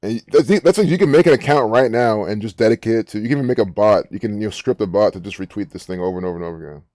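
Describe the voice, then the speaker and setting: A man with a low, dark, mellow voice talks through social media posts in a loose, rambling way, swearing and sounding incredulous. The sound is close and dry, with no room around it. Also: lively intonation, rapid-fire, dry recording. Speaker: online commentator. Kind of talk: casual commentary reading social media posts.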